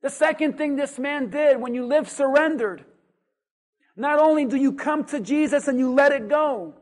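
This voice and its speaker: Pastor, high voice, dynamic sermon, rhetorical questions, loud-to-soft swings. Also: normal speed. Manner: dynamic preaching, swings from loud emphatic to quiet; rhetorical questions and call-and-response.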